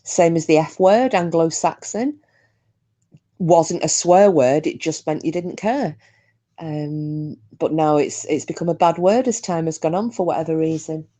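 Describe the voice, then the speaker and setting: Hosting a casual live stream, an Australian woman with a low voice chats with viewers, answers them by name, and often breaks into giggles. Her delivery is unhurried and her tone dark.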